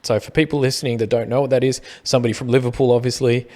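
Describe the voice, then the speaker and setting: A man's voice: mid-range voice, steady tone, rapid-fire, darkish tone. A middle-aged Australian man with an Australian accent, co-hosting a casual podcast and arguing his point in a rambling way. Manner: rambling, argumentative, repeats words. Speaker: podcast co-host. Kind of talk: casual chat.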